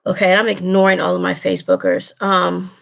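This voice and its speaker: A woman's voice: on the low side, little pitch movement, brisk, vocal fry. A woman vlogger talking straight to her viewers in casual chat, earnest and emotional, repeating herself as she goes. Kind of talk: casual direct-to-camera chat.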